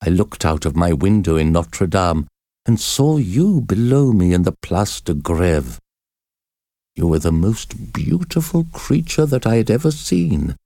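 A man reading a story voices a tormented, obsessive middle-aged priest, confessing slowly in agony. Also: low-pitched, sing-song, warm tone, no echo, clean studio sound, full character voice. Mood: desperate. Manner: slow agonized confession.

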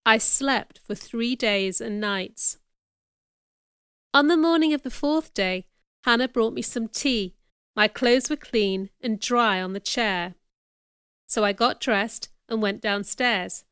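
Smooth-voiced woman reading a story. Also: a little high, slow, fairly bright tone, no room sound, studio quality. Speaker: narrator. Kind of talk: scripted audiobook narration.

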